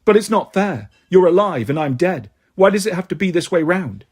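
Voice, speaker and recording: A man voicing a sharp-tongued, bossy ghost schoolgirl with a sarcastic, teasing manner, read in a storybook. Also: high voice, lively intonation, moderate pace, husky.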